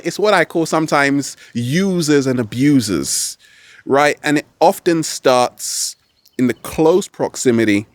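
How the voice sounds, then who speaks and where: A man giving motivational advice as a vlog host, animated and playful, recorded outdoors in nature. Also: medium pitch, no room sound. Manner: animated, playful, slips into exaggerated quoted voices. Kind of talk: motivational talk to camera.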